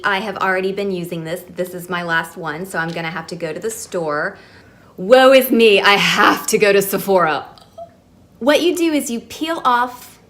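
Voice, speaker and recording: A woman's voice: mid-range voice, fairly bright tone. A woman chatting to her camera at home, giving a casual beauty product review in a chatty, self-deprecating way. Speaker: beauty vlogger. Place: at home filming herself. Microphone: camera mic, facing the lens.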